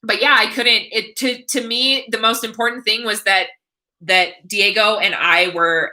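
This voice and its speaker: An American woman in her thirties answering viewer questions on a livestream, earnest and emotional, with many halting restarts. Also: medium pitch, sharp tone, low-quality recording. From United States. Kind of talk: livestream Q&A chat.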